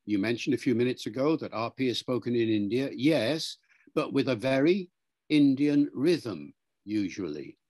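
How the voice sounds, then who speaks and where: An older man from Britain, a linguist answering interview questions in a lively lecturing way and acting out rhythms and accents as he talks. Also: medium pitch, moderate pace, dry recording. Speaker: linguist guest.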